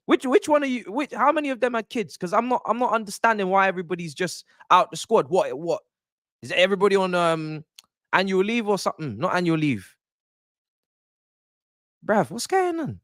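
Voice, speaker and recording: A man, hosting a live-stream pre-match chat as a football fan, in animated, exasperated, joking banter. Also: high voice, moderate pace, pauses often, dry recording, studio quality.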